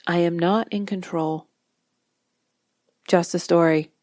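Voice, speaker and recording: Calm, measured woman hypnotist, dry sound. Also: fairly low pitch, no room sound. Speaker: hypnotist and podcast host. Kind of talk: instructional podcast monologue.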